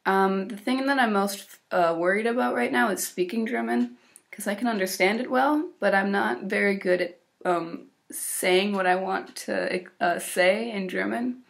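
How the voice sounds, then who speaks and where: Unhurried and medium-pitched with noticeable vocal fry, a teenage girl from Illinois talks through her exchange year on a vlog. Her American-accented chatter is casual and upbeat, sprinkled with fillers and small laughs.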